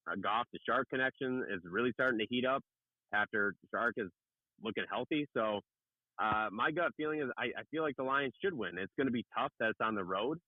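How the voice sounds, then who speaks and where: A man calling in to a sports radio show as a regular football writer, talking in a relaxed, rambling way. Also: fairly low pitch, no echo. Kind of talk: call-in radio analysis. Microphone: phone. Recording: tinny phone line.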